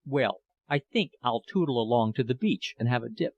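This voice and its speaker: A man's voice: mid-range voice, animated, normal speed, dry recording, phone-quality sound. A man reading a breezy, offhand young man. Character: young man, flattered and self-conscious.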